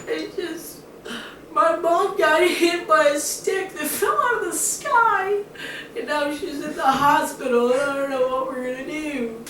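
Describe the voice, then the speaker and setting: A young person voicing a sobbing little girl in a joke, high and pleading, recorded echoey and from a distance. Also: unhurried, fairly bright tone, slight background noise. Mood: tearful. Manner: high squeaky pleading, voice breaking into laughter.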